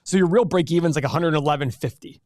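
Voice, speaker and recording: A fairly high-voiced man leads a live investing class, talking with energetic, animated enthusiasm. His voice is close and dry, with no room sound around it. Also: fast talker, no echo. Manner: energetic, animated salesman pitch. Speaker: host teaching an investing class. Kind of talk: live webinar teaching.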